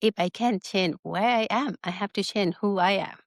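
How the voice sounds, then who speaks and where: A middle-aged woman with a Thai accent, a spa business founder telling her story in an interview in lively, broken English. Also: medium pitch, moderate pace, vocal fry, no echo, studio quality. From Northern Thailand. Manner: animated storytelling with broken English, laughs often.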